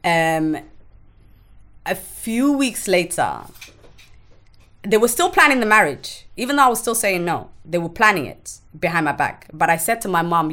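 Frank woman with a lowish voice. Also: expressive, fairly bright tone. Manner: frank, emotional, swears freely; halting, with restarts. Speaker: podcast guest. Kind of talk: candid personal storytelling.

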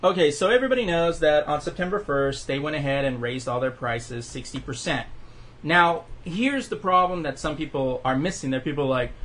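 A man's voice: on the high side, animated, a little fast, a bit bright. A man hosting a casual podcast chat, rambling with lots of fillers and restarts. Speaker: podcast host.

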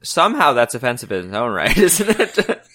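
Guy cohosting a podcast, bright voice, goes up and down a lot, always joking. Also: mid-range voice, very animated, moderate pace. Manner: jokey, interrupts with quips and laughs. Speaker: podcast co-host. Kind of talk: casual podcast banter.

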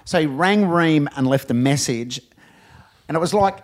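A man's voice: on the high side, normal speed. A man, a radio host telling funny stories in casual chat, laughing often. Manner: animated storyteller, laughs often.

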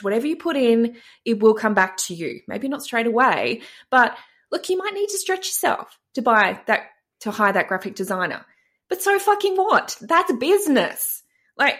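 A woman business coach co-hosting a podcast, ranting forcefully with tough love and swearing. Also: a little high. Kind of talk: casual podcast rant.

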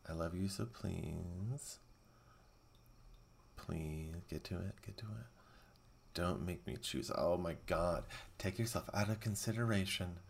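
A man hosting a podcast, giving excitable, sarcastic running commentary while watching a movie. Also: sits low, slow, vocal fry, pauses often, slightly rough. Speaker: podcast host.

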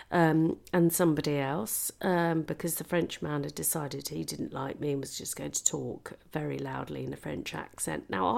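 A British woman comedian tells a comic story in a lively, swooping voice with a gravelly edge. She swears freely and often drops into whispered asides. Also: on the low side. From Britain. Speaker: comedian and podcast host.

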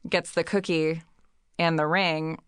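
Low-pitched lady rambling thru a movie plot, lots of ums, laughing, dry close mic. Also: flat delivery, unhurried, clear, resonant tone, no echo. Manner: rambling, giggly, many fillers and restarts. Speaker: podcast co-host. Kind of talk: casual chat, retelling a movie plot.

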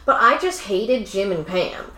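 A woman's voice: medium pitch, lively intonation, measured pace, pushed and bright. Blunt, opinionated woman in an echoey room. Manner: opinionated, blunt, many fillers. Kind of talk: casual chat.

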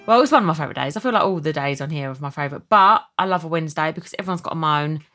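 A woman's voice: sits low, expressive, rapid-fire, fairly bright tone, soft background music. A woman hosting her podcast in emotional, chatty talk full of likes and ums. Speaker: podcast host. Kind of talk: casual chat.

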